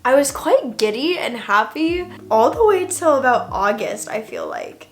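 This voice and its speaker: A young adult woman telling her story in a casual vlog, chatty and full of fillers, dropping into hushed asides. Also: on the high side, very animated, measured pace, faint music behind. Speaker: vlogger.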